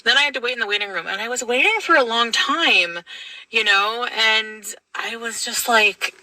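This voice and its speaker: Chatty bright-voiced woman telling a story. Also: on the high side, normal speed, no echo, recorded from a distance, low-quality recording. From Canada. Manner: chatty, rambling, with asides to viewers. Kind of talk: casual storytelling.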